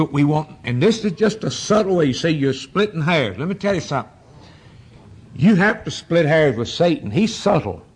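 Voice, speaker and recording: A man's voice: mid-range voice, breathy edge. A man preaching a sermon, emphatic, his voice swinging up and down as he stresses points and spells out words.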